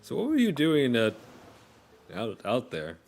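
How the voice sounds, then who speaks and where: Man playing a young sailor, friendly, fussing, high loud voice, tabletop game. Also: wildly swooping pitch, a little slow, faint music behind. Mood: solicitous.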